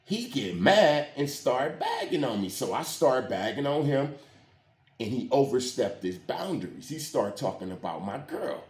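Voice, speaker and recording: A man's voice: mid-range voice, sing-song, unhurried, darkish tone. A man telling a story from his own life in casual, slangy street talk, often checking in with "you hear what I'm saying". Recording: roomy echo.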